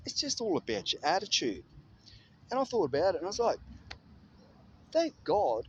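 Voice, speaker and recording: A man in casual motivational storytelling, animated and freely swearing. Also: sits high, lo-fi sound, a little hiss or hum.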